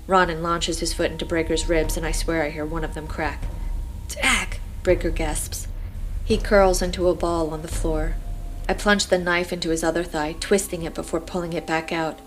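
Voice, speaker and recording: A woman reading a first-person audiobook with measured, dramatic storytelling. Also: sits low, slight background noise. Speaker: audiobook narrator.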